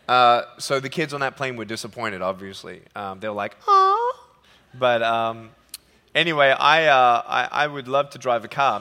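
A man speaking from a stage in a large hall, telling funny stories in an animated sermon. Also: medium pitch, clear, resonant tone. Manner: animated, jokey, acts out quotes. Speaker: motivational speaker. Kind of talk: humorous sermon storytelling. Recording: long hall reverb.

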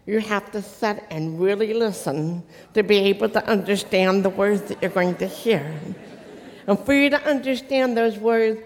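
A deaf woman giving an inspirational faith talk. Her speech is distinctive and sounds accented, and she articulates slowly and carefully. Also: medium pitch. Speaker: inspirational speaker. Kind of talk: motivational faith talk to an audience. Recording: long reverb of a large hall.

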